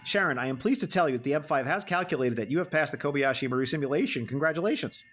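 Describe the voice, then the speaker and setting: A man's voice: medium pitch, very fast, fairly bright tone, slight background noise. A man hosting a podcast interview, playfully announcing a mock game-show quiz in a theatrical way. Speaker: podcast host.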